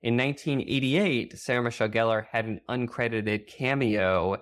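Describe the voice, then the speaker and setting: A woman's voice: a bass voice, normal speed. A young woman co-hosting a casual rewatch podcast, chatty and full of fillers as she shares trivia. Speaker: podcast co-host.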